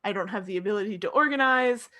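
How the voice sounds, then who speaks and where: A woman co-hosting a comedic podcast, chatting in an exuberant, jokey way with sudden excited yelps. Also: medium pitch, fast. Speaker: podcast co-host. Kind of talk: comedic casual chat.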